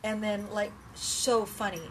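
A woman chatting casually about a film, telling it with animated energy and acting out lines, sounding exhausted. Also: medium pitch, measured pace, slight background noise. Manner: animated storyteller, acts out dialogue.

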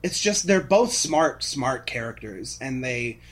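Husky, laughing podcast co-host, man. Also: medium pitch, takes it slowly. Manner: animated, laughs often, acts out characters' lines. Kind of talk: casual fan-podcast chat.

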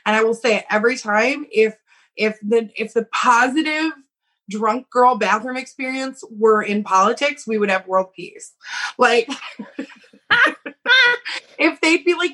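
A young woman co-hosting a podcast, telling a story in a casual, animated way and acting out the quotes with laughs. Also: a little high, slow pace, pauses often. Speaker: podcast co-host.

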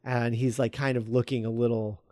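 A man's voice: mid-range voice, a little fast, no echo, studio quality. A man chatting casually, retelling a script scene by scene with many fillers and quoted lines. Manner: rambling with many fillers, quoting characters in a flat relaying voice.

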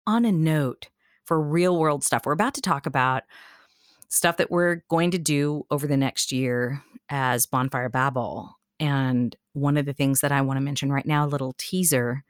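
A chatty woman co-hosting a casual podcast, with a low voice. She sounds enthusiastic and laughs often. The recording is dry and close. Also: normal speed, no room sound. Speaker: podcast co-host.

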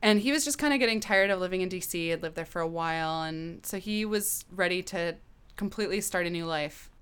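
A woman in her thirties tells a personal story in a relaxed, open way, dropping casual swear words. Her voice is fairly low and sounds smooth and clean. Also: fairly quick. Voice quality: candid, animated, swears casually. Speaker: guest.

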